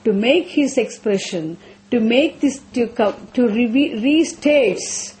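A woman's voice: on the high side, takes it slowly, darkish tone. A woman teaching a scripture class, repeating phrases, asking rhetorical questions and chanting verses.

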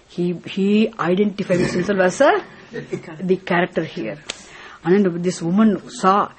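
A woman's voice: mid-range voice, slow pace. Woman teaching, quizzing her class. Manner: asks rhetorical questions, then answers them. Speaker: spiritual teacher. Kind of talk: spiritual teaching talk.

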